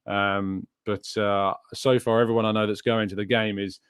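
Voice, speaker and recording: A man's voice: on the low side, little pitch movement, normal speed, clean tone, dry recording. A young man from England hosts a live stream, reading out viewer questions and rambling through his answers. His speech is loose and chatty, full of fillers and restarts. He is recorded on a close desk mic in a dry room. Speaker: podcast host.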